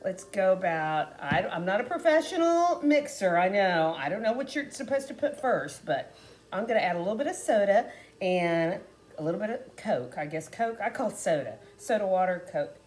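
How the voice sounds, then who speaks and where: Woman, cooking vlog host, casual and folksy, speaks to viewers, animated pitch. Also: normal speed. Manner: chatty and folksy, talking straight to viewers. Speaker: home cooking vlogger.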